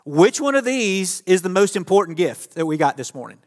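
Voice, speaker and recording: In a sing-song, high-pitched voice, a pastor speaks fairly quickly from a church stage. The sermon is interactive and relaxed, as he jokes with volunteers and playfully engages the audience. A long church-hall reverb colors the sound.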